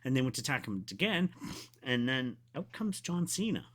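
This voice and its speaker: Man, solo show host, casual rambling talk, lively swinging pitch, excitable. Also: moderate pace. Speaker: wrestling podcast host. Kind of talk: casual solo review chat.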